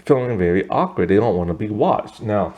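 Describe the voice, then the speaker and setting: A young man casually recapping and reviewing a TV episode, rambling with lots of fillers and animated asides. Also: lowish voice, a little fast. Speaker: TV review host.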